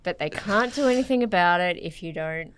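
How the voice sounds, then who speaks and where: A woman's voice: lowish voice, animated, brisk, crowd noise. A woman in a casual podcast conversation who laughs easily and acts out remembered bits of talk. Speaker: podcast guest.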